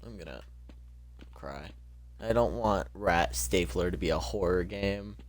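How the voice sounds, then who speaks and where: A man's voice: deep voice, measured pace. A young man casually commenting on his own gameplay, joking and exclaiming as he goes. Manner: jokey, exclaiming, talking to himself. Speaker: streamer.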